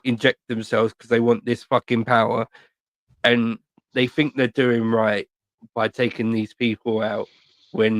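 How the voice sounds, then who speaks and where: A man's voice: mid-range voice, no room sound. A man on a casual podcast, rambling through stories with heavy swearing and lots of filler words. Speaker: podcast co-host. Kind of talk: casual chat.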